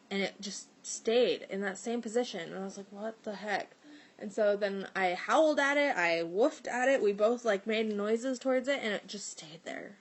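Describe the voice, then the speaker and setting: A woman's voice: mid-range voice, low-quality recording. Chatty young woman telling a story. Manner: chatty, many filler likes, animated quoted exclamations. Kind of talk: casual storytelling.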